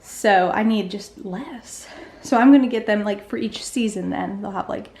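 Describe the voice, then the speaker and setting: A woman's voice: mid-range voice, moderate pace, a little mellow, echoey room. A young woman and mother giving a casual home-tour vlog, chatty with lots of "um" and "like". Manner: chatty, filler-heavy with frequent "um" and "like". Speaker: vlogger, mother. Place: home playroom.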